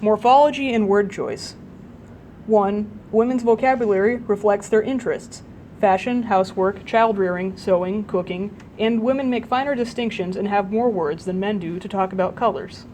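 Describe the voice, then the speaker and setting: Woman narrator for a nonfiction audiobook, mid-pitched, measured delivery, faint low rumble behind. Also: mellow, rough recording. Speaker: audiobook reader.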